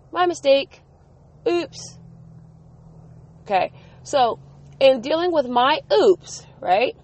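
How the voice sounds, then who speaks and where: A middle-aged woman talking casually, venting and retelling conversations in quotes. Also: high voice. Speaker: mother vlogging about her day. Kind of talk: casual storytelling monologue.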